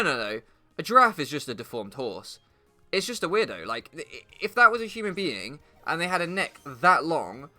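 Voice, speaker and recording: A man rambles comically as he plays a video game, and his swearing, jumpy delivery rises and falls all over the place. His voice has a bright, cutting edge. Faint game music plays underneath. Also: on the high side. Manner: animated, swearing, laughing at his own jokes. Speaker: gaming YouTuber. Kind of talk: rambling comedic commentary over gameplay.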